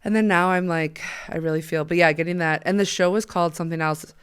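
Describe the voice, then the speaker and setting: A woman hosting a podcast, chatting casually in a quick, animated way with frequent laughs. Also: fairly low pitch, smooth. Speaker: podcast host. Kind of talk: casual chat.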